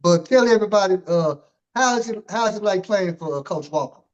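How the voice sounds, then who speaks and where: A male interview host with a fairly high voice who rambles along in casual chat. He leans on fillers and restarts his sentences. The audio sounds muffled and lo-fi. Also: expressive, a little fast. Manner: rambling, loaded with "you know" and "man". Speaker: podcast host.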